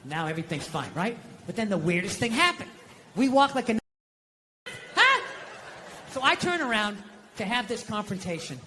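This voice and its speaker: Loud ranting man doing stand-up. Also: big pitch swings, fairly quick, slight background noise. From United States. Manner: loud, ranting, profane, swings between shouting and low muttering. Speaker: stand-up comedian. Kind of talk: stand-up comedy set.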